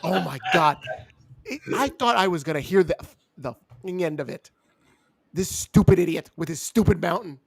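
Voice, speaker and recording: A man co-hosting a wrestling review show, ranting in loud, exasperated bursts and mocking people in silly voices. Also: high-pitched, lively intonation, normal speed, gravelly, husky. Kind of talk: ranting casual chat.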